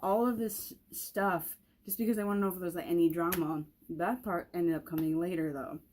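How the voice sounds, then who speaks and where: A woman's voice: on the low side, steady tone, fast talker, dark tone, a little hiss or hum. A young woman telling a casual storytime vlog, rambling with lots of "like" and restarts. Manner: rambling, many "like" fillers and restarts. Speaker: vlogger.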